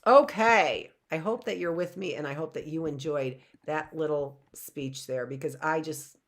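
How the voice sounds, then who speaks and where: A woman's voice: low-pitched, moderate pace. A woman teacher giving a live online lesson for all ages. She reads excerpts aloud, explains them, and adds emphatic, playful, enthusiastic asides.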